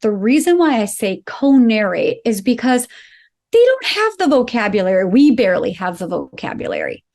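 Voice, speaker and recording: An earnest woman with a slightly high voice explains emotional skills for parents in easy conversation. She often acts out little sample phrases as if talking to a child. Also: darkish tone. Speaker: psychologist guest.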